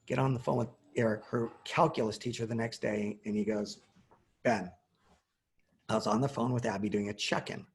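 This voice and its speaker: A man's voice: fairly low pitch, fairly even intonation, normal speed. A man in his forties telling a personal story in casual conversation, acting out the quoted dialogue.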